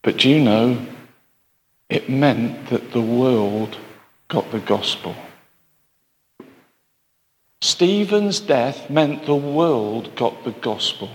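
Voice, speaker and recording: A man's voice: mid-range voice, expressive, extremely slow, long pauses. A man preaching a sermon, chatty, with asides and rhetorical questions to his congregation. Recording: long hall reverb.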